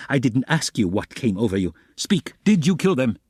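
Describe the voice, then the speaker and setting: A man reading the part of an excitable, fussy middle-aged magistrate in an audiobook, insistent and wheedling. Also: mid-range voice, no room sound, clean studio sound, pitched above the performer's own voice. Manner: quick, insistent, wheedling, slipping to mutters.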